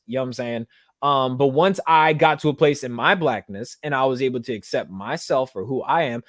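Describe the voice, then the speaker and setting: A man hosting a solo podcast, talking earnestly and casually, often filling pauses with "you know what I'm saying.". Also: mid-range voice, fairly bright tone, no echo, clean studio sound. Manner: earnest, conversational, full of fillers. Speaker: podcast host.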